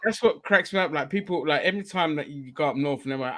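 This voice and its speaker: A man's voice: fairly high pitch, fast, fairly bright tone, dry recording. A man from London in casual stream chat, teasing others and mimicking voices.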